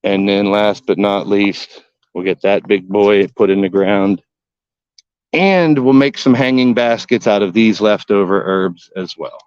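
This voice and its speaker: A man's voice: fairly low pitch, measured pace, clean tone, no room sound, dull audio. A man hosting a casual gardening livestream from his backyard, talking in a folksy, rambling way and cracking jokes with old sayings. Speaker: gardening vlogger and livestream host. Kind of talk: casual live-stream chat.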